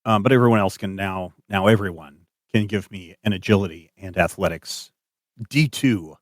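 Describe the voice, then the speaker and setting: A man narrating as game master of a tabletop game, animated and hesitant with many fillers. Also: low voice, moderate pace, no echo, studio quality.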